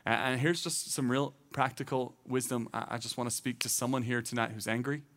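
A man's voice: medium pitch, steady tone, brisk, a bit bright. A man, a teaching pastor, preaching a sermon in an earnest, conversational way, repeating phrases for emphasis.

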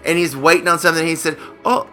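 A man with a very bright, sharp-edged voice, slightly high for a man, rambling through stories in relaxed podcast chat. He swears casually and drifts between tangents. Faint music plays behind him. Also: moderate pace. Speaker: podcast co-host.

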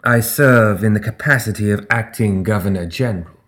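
A man's voice: fairly low pitch, fairly bright tone, natural voice. A man voicing a composed guild official in an audiobook, speaking mildly and evenly. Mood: measured. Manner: mild, measured speech.

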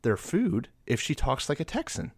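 A man's voice: a little high, huge pitch swings, moderate pace, breathy edge, dry recording, clean studio sound. A man co-hosting a casual chat, telling a rambling story with many restarts. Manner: rambling, restarts, self-correcting.

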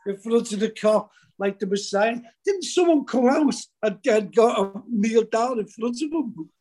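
An older man with a notably high voice rambles through memories on a podcast. He restarts his phrases often in a relaxed chat. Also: unhurried. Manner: rambling, repeats words. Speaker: podcast co-host. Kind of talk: casual chat.

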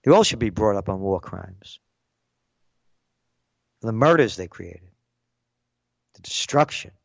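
A man's voice: lowish voice, lively intonation, slow pace, creaky, no room sound. An older man giving an angry, sarcastic political rant as a commentator, punchy and blunt, in a dull, dry recording.

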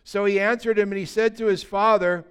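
Resonant pastor preaching a sermon. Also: male voice, sits high, fairly even intonation, fairly quick, clear, resonant tone. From United States. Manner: storytelling preacher, swings between loud and hushed.

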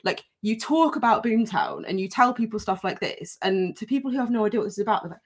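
A woman's voice: mid-range voice, animated, fast. A woman co-hosts a podcast and reads a listener's story aloud. Her voice rises and falls with energy, she laughs easily, and she swears casually. Between readings she chats with her co-host.

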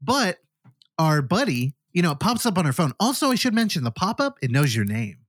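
Man, podcast co-host, casual movie recap, animated delivery, slightly high voice. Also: a little fast, no echo, studio quality. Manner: animated storyteller, acts out characters' lines. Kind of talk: casual film review chat.

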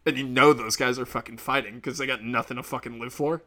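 A man talks through a solo podcast rant in a middle-pitched voice. He rambles, swears often and keeps laughing at his own jokes. Now and then he slips into quick impressions of other people. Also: fairly even intonation, pushed and bright. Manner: acts out quoted people in sudden bursts. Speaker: podcast host.

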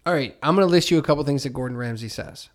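A man co-hosting a casual podcast chat, excitable and quick to jump into mock quotes of other people. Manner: excitable, jumps in pitch when animated, mock-quotes people. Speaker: podcast co-host.

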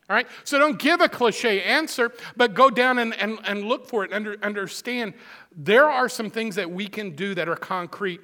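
A man's voice: sits high, lively intonation, brisk, bright, forceful tone. A man preaching a sermon as pastor, emphatic and repetitive, with casual asides to his congregation. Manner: emphatic, repeats phrases for stress.

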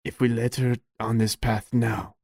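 A guest player, a man playing his character in a tabletop game, terse and halting. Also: mid-range voice, level tone, vocal fry, a little mellow, no echo, studio quality. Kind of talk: in-character tabletop role-play.

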